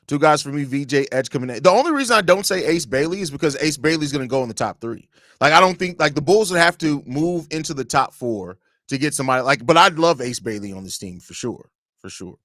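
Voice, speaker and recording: A man's voice: fairly high pitch, expressive, fast, fairly bright tone, no echo, studio quality. A man hosting a casual live-stream sports talk show from home, opinionated and rambling, often restarting his sentences. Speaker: host of a basketball fan podcast.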